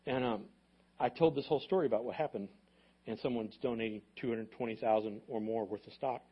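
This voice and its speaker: A man pastor preaching a sermon as a lively story, acting out the dialogue and building to loud bursts. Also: mid-range voice, brisk, husky, highs cut off. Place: church sanctuary.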